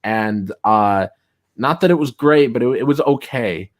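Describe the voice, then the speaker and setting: A man on a casual movie podcast who retells scenes in a rambling, halting way and laughs often. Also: mid-range voice. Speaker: podcast co-host.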